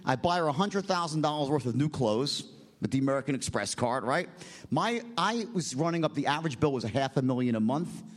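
Profane, rambling middle-aged man telling a story. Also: brisk. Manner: rambling, profane, keeps adding "right?"; animated, jumps in pitch when quoting people. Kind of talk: casual spoken anecdote.

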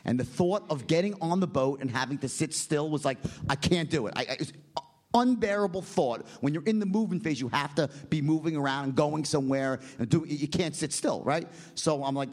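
A middle-aged man telling a long personal story in a casual, rambling, profane way, often tagging lines with "right?" and jumping up in pitch when he quotes people. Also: a little fast. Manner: animated, jumps in pitch when quoting people. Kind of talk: casual spoken anecdote.

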